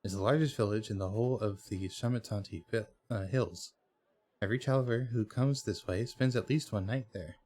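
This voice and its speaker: A man's voice: lowish voice, fairly quick, a little mellow, close to an everyday voice. A man voicing a tiny, chirpy, impatient winged sprite from a fantasy game, reading its lines aloud with small hesitations. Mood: chatty. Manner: read aloud with slight hesitations.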